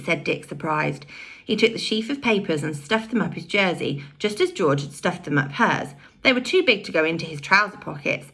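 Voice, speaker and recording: Woman reading a kids book out loud, lively swooping delivery. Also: on the low side, moderate pace. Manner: expressive storytelling. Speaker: audiobook reader. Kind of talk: reading a children's novel aloud.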